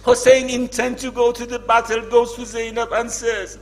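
A man's voice: very high-pitched, little pitch movement, normal speed, rough recording. A man narrating a dramatic religious story in a tearful, emotional way, his voice at times breaking.

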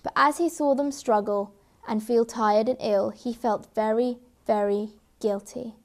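A woman tells a children's story in a gentle, expressive voice. Her tone is fairly high and she stresses words for little listeners. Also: unhurried. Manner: gentle, expressive, with emphatic repeats.

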